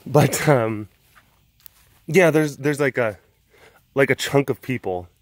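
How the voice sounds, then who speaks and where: A man's voice: medium pitch, slow, no room sound. A young man vlogging casually from an animal sanctuary, rambling with lots of fillers. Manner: rambling, lots of fillers, drops to a soft coo when talking to the cats. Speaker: big cat sanctuary vlogger. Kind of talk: casual chat to camera.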